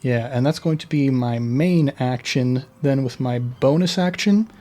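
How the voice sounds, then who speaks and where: A man's voice: medium pitch, measured pace, music in the background. A man playing a tabletop game who works methodically through his turn and reads out the rules. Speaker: player.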